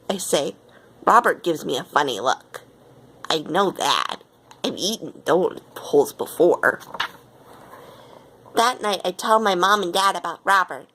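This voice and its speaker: A woman reading a children's picture book aloud in an expressive way. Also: on the low side, a little slow. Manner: expressive, with lively quoted lines. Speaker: storyteller.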